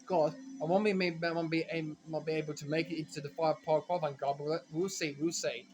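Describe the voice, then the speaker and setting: A man giving rambling, self-correcting commentary while playing a racing game, now and then breaking into frustrated shouts. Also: fairly high pitch, little pitch movement, fast, faint music behind. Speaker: gaming commentator. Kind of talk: casual let's-play commentary.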